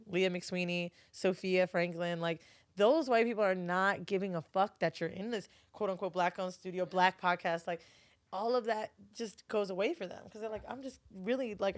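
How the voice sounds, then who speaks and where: A woman's voice: mid-range voice, no room sound. A woman from Florida, a podcast guest, chatting casually and telling stories with lots of swearing. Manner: animated, profane, laughing storyteller. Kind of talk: casual chat.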